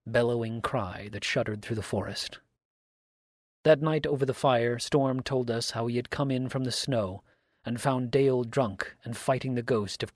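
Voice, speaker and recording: A man giving a measured, grave dramatic reading of an old mystery story. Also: medium pitch, no room sound, clean studio sound. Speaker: story reader.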